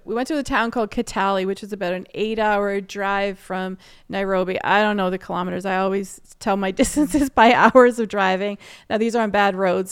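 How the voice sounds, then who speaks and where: Chatty woman with a very clear voice. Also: mid-range voice. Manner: chatty, animated, laughs often. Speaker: interview guest. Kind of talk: casual storytelling interview.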